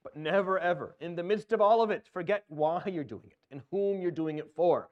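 A man gives an earnest religious talk in a slightly high voice. He circles back over his points, repeating phrases and putting questions to his listeners. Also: fairly quick, dull audio. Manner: earnest, repetitive, rhetorical questions. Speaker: Islamic preacher.

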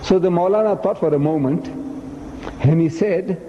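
Male lecturer, animated storytelling, mellow warm tone, long hall echo, dull sound. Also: high-pitched, normal speed, a little hiss or hum. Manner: lively storytelling, acts out dialogue. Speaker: speaker.

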